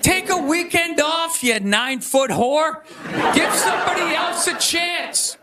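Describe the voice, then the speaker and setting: High-pitched ranting stand-up comic. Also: male voice, expressive, measured pace, a faint crowd. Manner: loud, ranting, shouts punchlines. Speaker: stand-up comedian. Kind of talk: stand-up monologue. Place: theater stage before a laughing audience. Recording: live show with audience laughter and noise.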